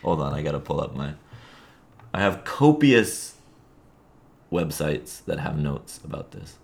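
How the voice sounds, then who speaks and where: A man's voice: extremely low pitch, sing-song, unhurried, creaky, a little mellow. A man co-hosting a podcast, chatting casually about a recreational league, rambling with fillers and chuckles. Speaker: podcast co-host. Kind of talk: casual sports chat.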